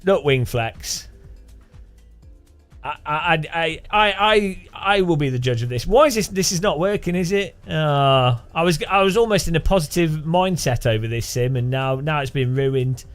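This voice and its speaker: A British man chatting through a live gaming stream, rambling and joking as he restarts his sentences. His pitch runs high and moves about a lot. Faint music sits behind him. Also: expressive, moderate pace. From Britain. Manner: rambling, jokey, restarts often. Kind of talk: casual live gaming chat.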